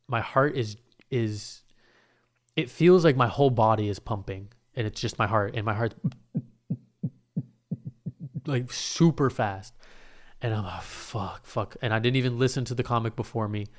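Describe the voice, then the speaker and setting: A young man casually telling a story in a rambling, profane, animated way, full of restarts. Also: medium pitch, moderate pace.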